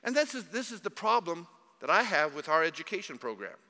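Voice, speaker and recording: A man preaching in a church, his voice high and very bright. He swings from hushed asides to loud, mocking jabs. The sound carries a long reverb from the church hall. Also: sing-song, fairly quick, slight background noise. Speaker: pastor. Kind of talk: sermon.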